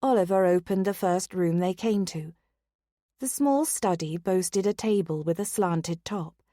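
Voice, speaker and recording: A woman narrating a romance audiobook in a steady, unhurried reading voice on a close studio mic. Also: fairly low pitch, no room sound.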